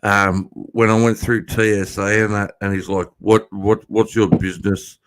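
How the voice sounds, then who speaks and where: A man with an Australian accent in casual chat, talking fast and swearing freely. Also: fairly low pitch, flat delivery, no echo.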